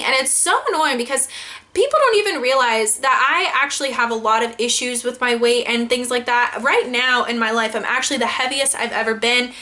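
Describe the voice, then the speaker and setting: A woman's voice: a little high, a little fast. A young woman vlogging about her pet peeves, exasperated and full of "like". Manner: exasperated, heavy use of "like", animated quoting. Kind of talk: casual ranting vlog.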